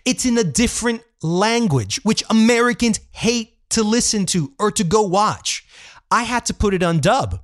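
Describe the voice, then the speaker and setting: A man's voice: high-pitched, normal speed, no room sound, clean studio sound. A man co-hosting a podcast in casual chat, blunt and profane, firing off rhetorical questions. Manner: animated, blunt, swears, fires off rhetorical questions. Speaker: podcast co-host.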